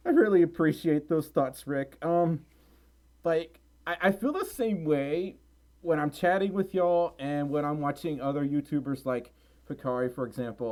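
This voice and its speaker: A man from Mississippi hosts a casual livestream from a room at home, reading chat aloud. Chatty and giggly, he's tired and rambling, laughing frequently, with a fairly high, slightly mellow voice.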